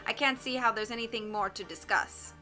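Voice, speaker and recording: A woman's voice: on the high side, a little fast, pushed and bright, faint music behind. A woman voicing a stern, dismissive new woman police chief.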